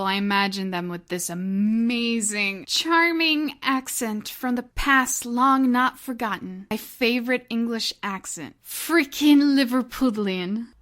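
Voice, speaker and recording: A young woman narrating an animated story vlog in an excitable, giggly, gushing way. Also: on the high side.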